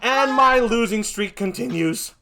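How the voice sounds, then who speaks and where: A man hosting a live stream game show, theatrical and excitable, calling out vote counts like an auctioneer. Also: very high-pitched, unhurried, gravelly, slight background noise. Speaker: stream host.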